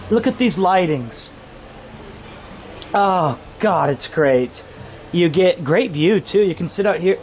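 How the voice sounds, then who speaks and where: A man from Kansas telling excited stories while live streaming outdoors by a pub, swearing freely. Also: high-pitched. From Kansas, USA. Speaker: IRL streamer. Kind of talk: casual live stream storytelling. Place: outdoors on a town street by a pub.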